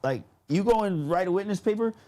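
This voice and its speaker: A man casually telling a story on a podcast, animated and slangy, often laughing as he talks. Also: high-pitched, fairly quick. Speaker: podcast guest.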